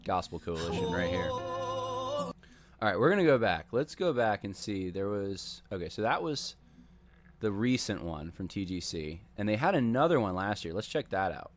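A man's voice: low voice, very animated, normal speed. A man casually commenting on videos he plays, wry and rambling, often asking questions aloud.

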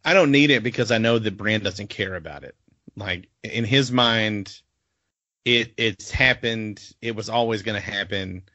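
A man's voice: on the low side, a little slow, bright, forceful tone, dry recording, lo-fi sound. A man in a casual podcast chat, matter-of-fact and laid-back.

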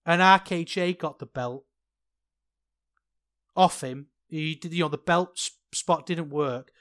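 Mid pitch, podcast co-host, passionate rant, sheepish asides. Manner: impassioned ranting, then sheepish and soft. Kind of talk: casual podcast review chat.

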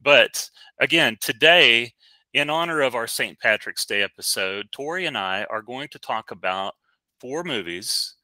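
A man's voice: mid-range voice, animated, unhurried, pushed and bright, dry recording. A man co-hosting a casual podcast, talking in a chatty, rambling way with many fillers and restarts. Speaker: podcast co-host. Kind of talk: casual podcast movie review.

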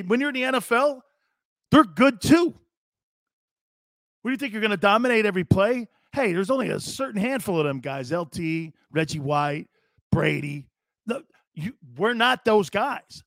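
A man's voice: high voice, lively intonation, moderate pace, a bit bright, no echo, studio quality. A man in his fifties hosting a live sports talk show, ranting in a brash, sarcastic and blunt way.

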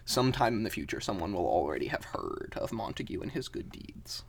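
Man, tabletop game player, gravelly voice, lively pitch, hesitant, lots of fillers. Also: a little fast. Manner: hesitant, many fillers and restarts. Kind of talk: casual narration of a tabletop game.

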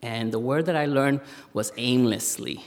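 A man, telling a personal story live on stage in a conversational way, with pauses and fillers. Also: mid-range voice, slight background noise. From Spanish Harlem, New York. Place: stage in a museum hall, live audience. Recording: reverberant live hall.

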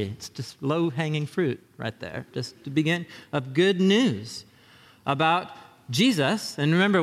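A male pastor delivers a sermon in a conversational, animated way, reading verses aloud and then unpacking them with quick asides. His voice sits a little high for a man. The sound carries a long reverb, as if recorded in a large hall.

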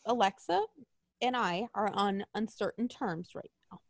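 A woman co-hosting a casual chat, ranting in an animated way with mock outrage and swearing. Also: mid-range voice, a little slow, no room sound, studio quality.

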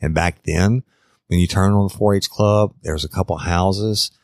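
A man's voice: deep voice, fairly even intonation, normal speed, no echo, clean studio sound. A man telling a true crime story in a casual, conversational way, talking straight to his listeners. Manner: conversational, addresses listeners directly, acts out quotes.

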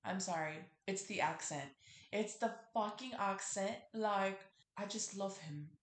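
A woman's voice: medium pitch, measured pace, echoey room. A young woman hosting a casual solo podcast, rambling with lots of fillers and cursing freely. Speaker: podcast host.

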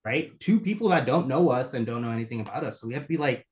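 A young man from Bangladesh, raised in the US, speaks as a podcast guest. He sounds laid-back and slangy and fills his talk with casual asides. His voice sits at an ordinary middle pitch. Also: animated, fast talker, a little mellow, highs cut off. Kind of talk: casual conversation.

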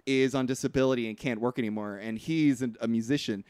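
A man co-hosting a casual podcast chat, lively and quick to laugh, swearing casually. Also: mid-range voice, clear, resonant tone, dry recording, studio quality. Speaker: podcast co-host.

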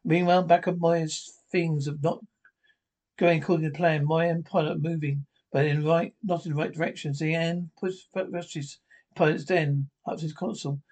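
Halting man retelling a story. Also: a little high, fairly even intonation, darkish tone. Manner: halting, with restarts and ad-libbed asides. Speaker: reader retelling a TV episode. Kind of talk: informal plot narration.

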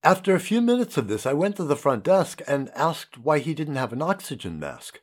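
Middle-aged male memoir narrator, passionate, slightly high voice with lively swings. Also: brisk. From United States. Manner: expressive, impassioned storytelling.

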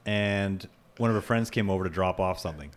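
A man co-hosting a podcast, chatting casually and teasing his friend with deadpan jokes. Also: low voice, brisk. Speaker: podcast co-host. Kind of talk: casual chat.

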